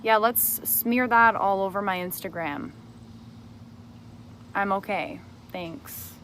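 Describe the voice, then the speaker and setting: A young woman's mid-range voice moves at a slow pace against slight background noise. Addressing the camera about a personal grievance, she begins with angry, confrontational accusations before settling into a calmer account of events in an emotional testimony.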